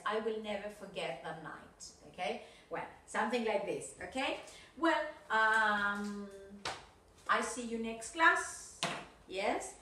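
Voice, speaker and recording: Slow, bright woman teaching English. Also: a little high, far from the mic, slight background noise. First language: Spanish. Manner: slow and deliberate, checking with frequent "yes? okay?". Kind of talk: recorded video lesson. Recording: roomy echo, voice from off the mic.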